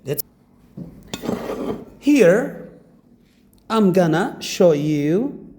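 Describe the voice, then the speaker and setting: A man with an Arabic accent slowly teaches English pronunciation to beginners, repeating each drilled word several times. His voice sits at a fairly high pitch with big swings and is a little mellow.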